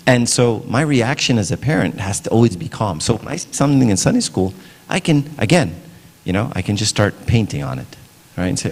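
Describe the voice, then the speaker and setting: A man's voice: on the low side, expressive, fairly quick, creaky. A middle-aged man giving a casual parenting talk at church, conversational, often asking "right?". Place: church hall. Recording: long hall reverb.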